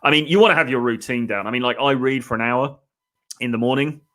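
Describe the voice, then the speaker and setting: A man's voice: medium pitch, fast talker, a bit bright. Chatty British man answering viewer questions. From Britain. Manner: loose, thinking aloud, chatty. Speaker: dating coach host. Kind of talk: live Q&A reading viewer comments.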